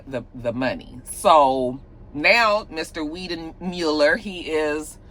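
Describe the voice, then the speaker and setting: A woman hosting a casual celebrity gossip chat, talking straight to her viewers in a chatty, animated way. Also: low-pitched.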